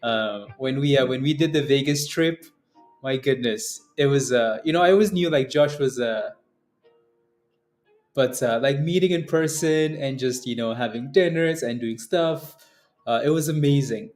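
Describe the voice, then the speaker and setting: A young man hosting a day trading livestream, emotional and laughing often, halting with many fillers as he thanks a viewer. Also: medium pitch, a little mellow, soft background music. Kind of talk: casual livestream chat.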